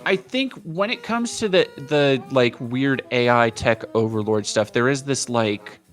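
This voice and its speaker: A man co-hosting a podcast in casual chat, quick and jokey with plenty of swearing. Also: mid-range voice, soft background music. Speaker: podcast co-host.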